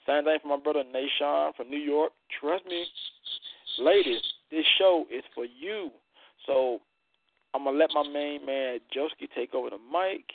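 A man's voice: on the high side, no room sound. A man with a Southern US accent hosting a poetry show, introducing poets in an upbeat hype-man patter. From American South. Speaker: host. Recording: tinny phone-like line, dry.

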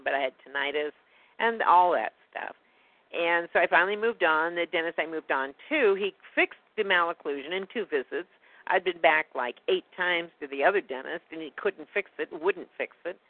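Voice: medium pitch, fairly quick, no room sound. A guest telling a personal story in a rambling, indignant way during a casual phone conversation. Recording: tinny phone line, dry.

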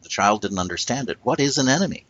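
A man's voice: medium pitch, expressive, fast talker, fairly bright tone, no echo, muffled recording. A man in casual discussion who makes earnest, emphatic points. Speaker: co-host.

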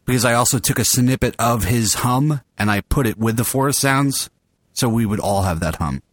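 A man's voice: mid-range voice, normal speed, no room sound, studio quality. A man hosting a podcast table read, joking and laughing a lot as he talks through retakes. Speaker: podcast host. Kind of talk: casual table read with banter.

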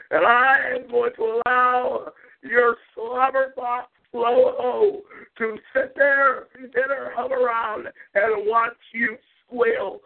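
A man's voice: very high voice, vocal fry, heavily acted. A man doing an impression of a boastful male wrestling champion cutting a profane promo, punctuated by yelping war cries. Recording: tinny phone-like audio.

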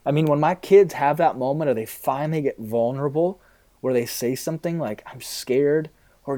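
A man's voice: medium pitch, normal speed, mellow. A man in his thirties, a pastor, talking candidly in a casual interview, rambling a little with fillers.

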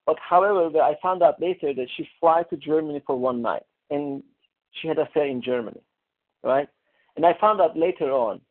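A man speaks on a coaching call over a narrow, phone-like line. His voice sits a little high for a man. He talks haltingly, restarts often and searches for the right words. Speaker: coaching client. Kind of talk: casual conversation on a coaching call. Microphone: call audio.

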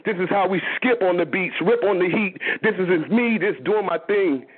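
A man chatting in relaxed street slang and rapping a rhythmic freestyle verse. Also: high voice, moderate pace. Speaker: cypher participant. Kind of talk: casual chat and freestyle verse. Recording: husky, tinny phone-line audio.

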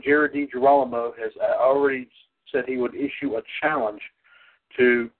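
A man hosting a wrestling call-in podcast, rambling with many restarts and repeated "ladies and gentlemen". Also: mid-range voice. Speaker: podcast host. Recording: tinny phone-line audio.

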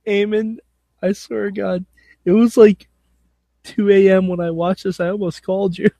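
A man hosting a podcast in excitable casual chat, laughing often. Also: sits high, normal speed, creaky, no room sound, clean studio sound. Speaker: podcast host.

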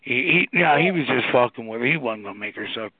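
A man rambling through a profane story, animated and casual, on a call-in show. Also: medium pitch, fast, a loud crowd. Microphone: phone line. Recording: tinny dry phone line.

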